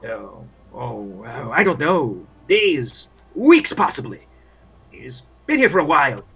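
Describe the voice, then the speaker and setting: A man's voice: mid-range voice, sing-song, slow, gravelly, bright, forceful tone, husky, heavily acted. A man voicing a weary, bitter male army officer at a field hospital, who grumbles and then bursts out in complaints. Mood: dismissive. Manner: bitter, complaining, with rising outbursts.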